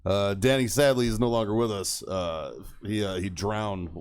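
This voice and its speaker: A man's voice: fairly low pitch, moderate pace, a little hiss or hum. A young man telling profane stories on a casual podcast, laughing often and acting out quoted voices. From Texas. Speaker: podcast co-host. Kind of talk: casual storytelling chat.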